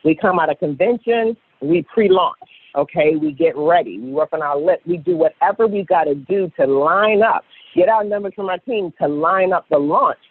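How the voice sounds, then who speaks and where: A woman's voice: on the low side, normal speed, breathy edge. Gushing woman on a tinny phone line. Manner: excitable, gushing, repeats herself. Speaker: sales director. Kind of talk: motivational conference call.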